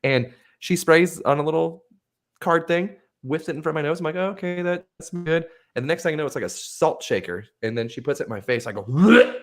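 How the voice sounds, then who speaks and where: A young man co-hosting a casual show, telling stories in an animated way and swearing a lot. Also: a little high, quick pace. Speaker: podcast co-host. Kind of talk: casual banter.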